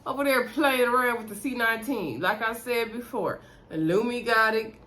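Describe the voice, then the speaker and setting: With a highish, bright, and forceful voice at normal speed, a woman breaks down a reality show episode for her viewers. She's chatty and sassy, laughing between remarks as she speaks right to the audience.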